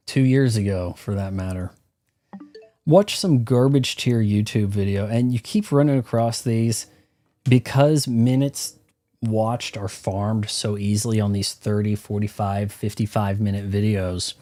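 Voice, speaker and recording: A streamer rants through his gameplay commentary, profane and opinionated. His voice is mellow and dark, and it sounds dry and close. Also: lowish voice, steady tone, a little slow, no echo. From United States.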